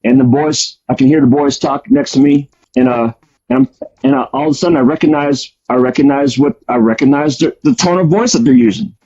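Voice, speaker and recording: Rambling man telling a story, husky. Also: on the high side, fairly quick, dark tone. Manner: rambling, many fillers and restarts. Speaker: guest storyteller. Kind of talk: casual storytelling. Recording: dull lo-fi audio.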